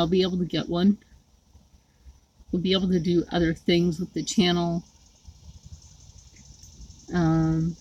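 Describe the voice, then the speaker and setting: A woman talking to her viewers in a personal vlog, rambling and halting with many fillers, outdoors. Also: lowish voice, a little mellow, slightly rough, poor audio. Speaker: YouTube creator.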